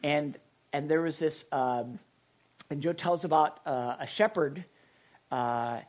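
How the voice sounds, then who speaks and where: A male pastor with a fairly high, slow voice delivers a conversational sermon. His preaching is loose and rambling, packed with anecdotes, fillers and restarts.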